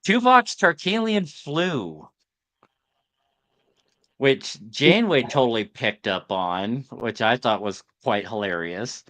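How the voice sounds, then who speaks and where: Lively voice in casual podcast chat. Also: mid-range voice, slow pace, no room sound. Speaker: podcast co-host.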